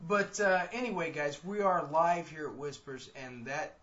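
A man hosting a live paranormal radio show from a dining room, joking with his co-hosts and swinging between loud and soft. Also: on the high side, expressive, normal speed, lo-fi sound. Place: dining room of an old house.

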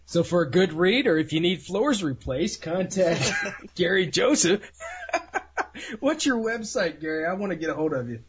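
A man's voice: sits high, very animated, moderate pace, breathy edge. A man co-hosting a radio show, joking and teasing the guest in casual banter. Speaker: radio co-host. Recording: dull lo-fi radio sound.

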